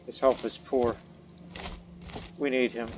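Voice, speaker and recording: A man's voice: mid-range voice, fairly even intonation, slow pace, a little hiss or hum. A man narrating a let's-play of a strategy game, reading event text aloud in first person and musing on it. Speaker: gameplay commentator. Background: faint background music.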